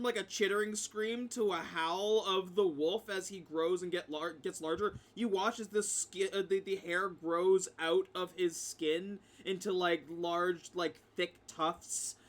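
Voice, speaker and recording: High-voiced rambling game master man. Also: a bit bright, slight background noise. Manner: rambling descriptions full of "like" and restarts. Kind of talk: narrating a tabletop game.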